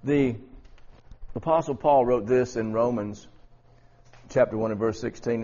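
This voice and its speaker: A man's voice: mid-range voice, unhurried, long pauses, dark tone, highs cut off. A man preaching a Bible lesson in a conversational way, with many restarts and rhetorical questions. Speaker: preacher teaching a Bible study. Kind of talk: sermon.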